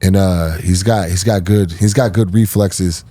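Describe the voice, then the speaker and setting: A man's voice: deep voice, fairly even intonation, a little slow, warm tone, no echo. A man, a fighter on a podcast panel, breaking down upcoming bouts in a laid-back, slangy way with casual swearing.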